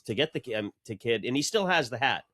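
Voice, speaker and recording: A man's voice: medium pitch, very animated, quick pace, bright, forceful tone, no echo. A man co-hosting a sports podcast, telling long-winded stories in a rambling, profane way with lots of restarts. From New England. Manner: rambling, profane, self-interrupting. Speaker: podcast co-host. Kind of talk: casual sports chat.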